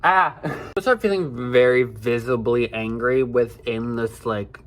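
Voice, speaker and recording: A man's voice: mid-range voice, measured pace. A young man telling a personal story in a casual vlog, rambling with many fillers, swearing and getting worked up. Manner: rambling, filler-heavy, emotional and profane.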